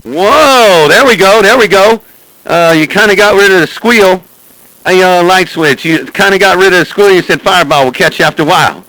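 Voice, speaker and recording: A man's voice: high-pitched, moderate pace, pushed and bright, poor audio. Teasing man chattering on CB radio. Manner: teasing, repeats calls like "hey, Sandman". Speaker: CB radio operator streaming live.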